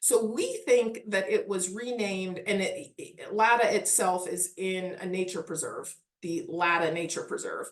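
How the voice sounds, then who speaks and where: A woman's voice: medium pitch, a little slow, hardly any pauses, roomy sound. A woman with a Midwestern accent, a historic site manager answering interview questions in an earnest, chatty way full of "like" and "um". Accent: Midwestern American.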